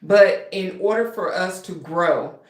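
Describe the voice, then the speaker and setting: She talks slowly, with a fairly low pitch, and her words bounce around an echoey room. As host of her author channel, this writing coach and author chats loosely and somewhat nervously with her livestream audience.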